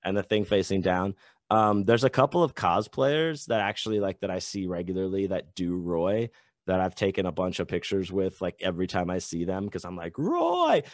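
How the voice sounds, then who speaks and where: A man talking as a guest author in a casual podcast chat, loose and animated, swearing and saying "like" a lot. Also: low-pitched, brisk, dry recording, studio quality.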